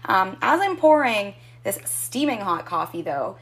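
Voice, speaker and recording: A chatty woman talks through a coffee review in her own kitchen, upbeat and casual. She swears freely and rambles at an everyday pitch, like someone chatting with friends. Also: sing-song, unhurried, fairly bright tone. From Canada. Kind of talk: casual chat.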